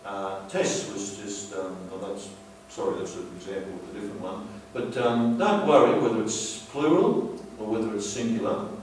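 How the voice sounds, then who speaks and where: A man teaching a grammar lesson over slides, explaining patiently and repeating himself, slowing down to stress key words. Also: lowish voice, darkish tone, slight background noise. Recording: very echoey room, distant mic.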